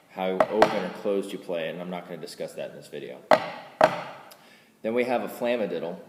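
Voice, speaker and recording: Deep-voiced man teaching drum rudiments. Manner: counts strokes aloud in a louder voice, trails off quietly after explanations. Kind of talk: casual instructional explanation. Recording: roomy reverb with loud background noise.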